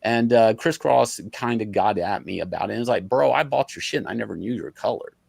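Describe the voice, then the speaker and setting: A man guesting on a podcast, a comic artist telling stories in a casual, animated way, swearing freely and acting out the arguments he recounts. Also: fairly low pitch, a little fast, gravelly, husky, no echo. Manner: animated, profane, acts out quoted arguments.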